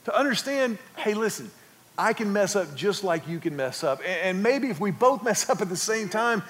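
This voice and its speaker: A man's voice: sits high, big-room sound. A man preaching a sermon, telling a family story and asking the congregation questions. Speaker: pastor.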